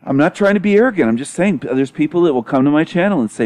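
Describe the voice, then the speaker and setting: A man's voice: on the high side, animated, racing, few pauses, darkish tone, no echo. A man hosting his own video channel in a casual monologue, mocking his critics with frequent laughter, swearing and emphatic repetition. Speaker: YouTube channel host.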